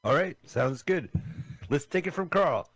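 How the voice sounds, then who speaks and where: Co-hosting a laid-back internet radio podcast, this man chats and rambles, at times hunting for words. He sounds a little high and animated, keeps a measured pace, and the recording is dry.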